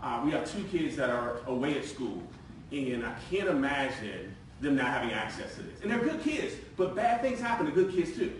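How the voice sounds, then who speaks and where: A man in his forties giving a lively, joking live sales presentation to a room, talking conversationally. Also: mid-range voice, moderate pace, a little hiss or hum. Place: meeting room with audience. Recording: very echoey room from far off.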